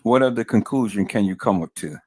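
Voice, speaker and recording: Furious deep-voiced man ranting on a livestream. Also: animated, a little fast, darkish tone, slightly rough, no echo. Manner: furious, repeats himself, addresses viewers as peoples. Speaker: livestream host. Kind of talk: angry livestream commentary.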